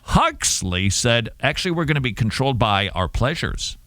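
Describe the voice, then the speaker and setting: A man's voice: mid-range voice, very animated, normal speed, a bit bright, no echo. A middle-aged man hosting a talk show, commenting casually with sarcasm and jokey asides.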